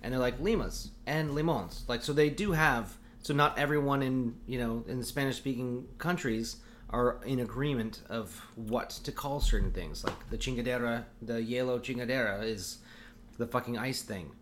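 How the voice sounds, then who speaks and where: A man in his forties talking loosely and profanely as he rants through a podcast story. His pitch sits at an ordinary middle height, and a faint hiss of noise runs under the voice. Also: moderate pace, fairly bright tone. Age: 40s. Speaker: podcast co-host. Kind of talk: casual podcast chat.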